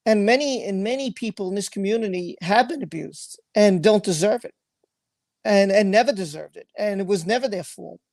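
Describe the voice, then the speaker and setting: A man with a high, creaky voice and a darkish tone hosts a livestream at normal speed, with no room sound. He reads out viewer comments and talks earnestly and emotionally, repeating himself and swearing freely.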